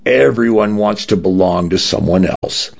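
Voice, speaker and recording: A man's voice: on the low side, moderate pace, vocal fry, highs cut off, pitched above the performer's own voice. A man voicing a knowing, fond, wry young man in a radio story reading.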